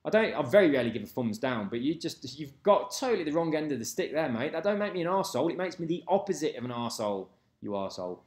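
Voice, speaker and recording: Man, sweary rant, lively swinging pitch, roomy echo. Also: fast talker. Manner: sweary, animated, blunt. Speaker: YouTuber reading comments. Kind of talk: casual ranting chat.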